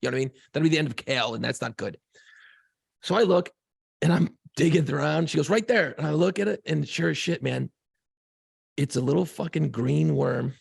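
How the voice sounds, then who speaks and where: A man's voice: on the high side, a little fast, dry recording, clean studio sound. A man co-hosting a casual podcast, swearing freely and rambling through a long story about home life. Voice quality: gravelly. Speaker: podcast co-host.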